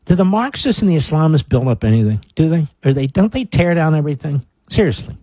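A man's voice: a little high, animated, fast, warm tone, husky, dry recording. A middle-aged man hosting a talk radio show, reading news stories aloud and breaking off into sarcastic, combative rants.

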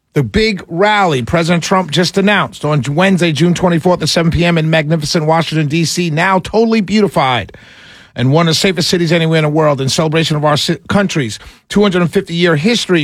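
A man's voice: a little high, no echo, clean studio sound. A man hosting a call-in radio talk show, chatty and friendly with callers. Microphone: studio microphone.

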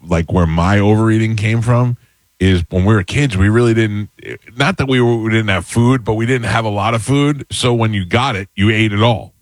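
A man telling crude jokes and stories in casual deadpan banter, as a podcast co-host. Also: on the low side, normal speed, no room sound. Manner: deadpan, jokey storyteller.

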